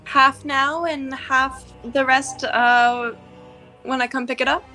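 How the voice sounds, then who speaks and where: A woman with a bright, crisp voice, playing a tabletop role-playing game. She talks with hesitant fillers over faint music. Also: sits high, steady tone, slow pace, rough recording. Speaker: player. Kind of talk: tabletop role-play chat.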